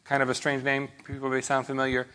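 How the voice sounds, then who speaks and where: A man's voice: mid-range voice, monotone, fast, pushed and bright. A man preaching a sermon in a conversational way, often checking in with his listeners.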